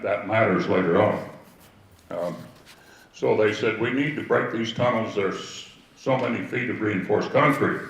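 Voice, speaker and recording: Older man, low gravelly voice, anecdotal storyteller heard from afar in a roomy space. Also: muffled recording. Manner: rambling anecdotal storytelling with asides. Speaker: speaker telling family history. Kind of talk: storytelling talk to a gathering. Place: outdoor history event with audience. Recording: echoey, distant from the mic.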